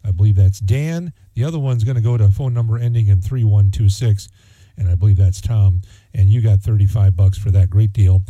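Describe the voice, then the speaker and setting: A man's voice: fairly low pitch, a little fast, warm tone, no echo, dull audio. A man hosting a local radio charity auction, reading out winning bids in a folksy, chatty way with plenty of fillers. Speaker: radio host.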